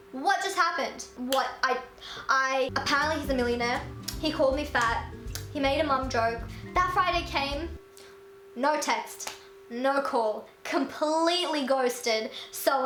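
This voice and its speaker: A young woman telling a storytime vlog in a chatty, animated way, full of "like". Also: high voice, echoey room. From Australia. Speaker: YouTuber.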